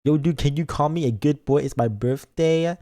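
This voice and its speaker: A man's voice: on the high side, normal speed, dark tone. A man streaming a game as a VTuber, chatting casually with his viewers in a playful, goofy, mock-defensive way.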